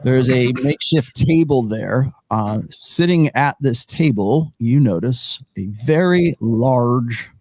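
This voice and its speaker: A man's voice: mid-range voice, animated, a little mellow, a little hiss or hum. Man narrating as game master. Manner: slow, descriptive scene-setting.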